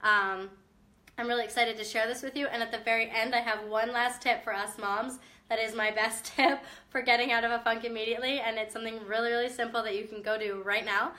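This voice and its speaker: Bright-voiced upbeat young mom. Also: female voice, fairly high pitch, fairly even intonation, fairly quick. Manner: upbeat, chatty, direct encouragement. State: chest cough. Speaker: mom vlogger. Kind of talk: casual motivational talk to camera.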